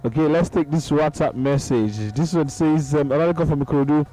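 A man's voice: a little high, brisk, warm tone, low-quality recording. A man with a Nigerian accent hosting a radio call-in show, jovial, laughing often and slipping into Pidgin as he reads messages. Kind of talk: casual call-in radio chat. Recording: radio broadcast with faint music.

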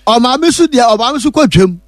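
A man's voice: extremely high pitch, animated, measured pace, no echo, studio quality. A man with a Ghanaian accent, speaking as a pastor who gives testimony and church announcements in an emphatic, repetitive, preacherly way.

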